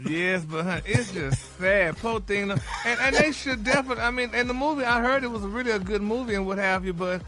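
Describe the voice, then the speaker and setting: A man's voice: high-pitched, fairly quick, few pauses, over music. A man delivering celebrity gossip on a morning radio show, flamboyant and full of "honey" and "y'all".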